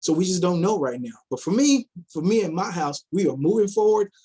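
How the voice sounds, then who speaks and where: A man's voice: high-pitched, animated, fairly quick, warm tone, breathy edge. A man giving casual commentary as an investment vlogger, firing off rhetorical questions, repeating himself and mocking imagined investors in quoted voices.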